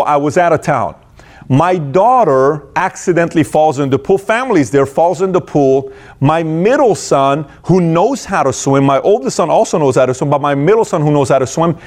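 A man's voice: on the high side, a little mellow. A middle-aged man hosting a show, telling a personal story in an emphatic, direct way to his listeners. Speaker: show host. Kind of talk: motivational storytelling monologue.

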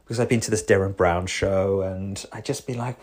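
A man, a psychotherapist, talking through a rambling, self-correcting monologue with sudden animated jumps in pitch. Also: normal speed, few pauses. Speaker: psychotherapist podcast host. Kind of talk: reflective monologue.

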